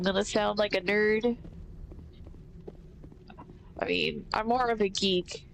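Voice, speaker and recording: A woman's voice: medium pitch, fairly even intonation, slow, gravelly, pauses often, slight background noise, low-quality recording. A woman casually commentating a video game playthrough, thinking aloud with a stuffy nose. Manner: thinks aloud, rambling with fillers. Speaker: gaming streamer.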